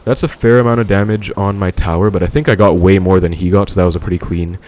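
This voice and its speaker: A man's voice: deep voice, steady tone, quick pace, darkish tone. A man giving casual live commentary on his own game, thinking aloud and talking to viewers as he plays. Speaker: gaming commentator.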